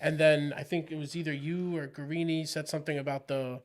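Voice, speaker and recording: A man's voice: on the high side, fairly even intonation, brisk. A man chatting casually as a podcast guest, telling a rambling anecdote. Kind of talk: casual chat.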